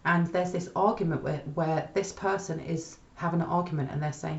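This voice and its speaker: A woman's voice: sits low, steady tone, a little fast, few pauses, reverberant, dull audio. A woman giving a casual spoken tarot reading, chatty and often checking in with "okay?". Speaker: tarot reader.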